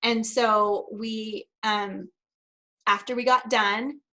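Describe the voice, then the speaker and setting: Woman speaker at an online conference, a little high-pitched, chatty storytelling that shifts into read-out remarks. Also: fairly even intonation, slow, sharp tone, rough recording. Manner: conversational storytelling with laughs; partly reading prepared remarks. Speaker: NLP practitioner and speaker. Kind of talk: virtual conference presentation.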